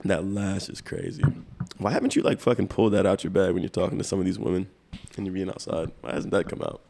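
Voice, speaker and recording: A man co-hosting a podcast in loose, relaxed casual chat, often repeating words as he starts a thought. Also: low-pitched, fast, vocal fry. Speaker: podcast co-host.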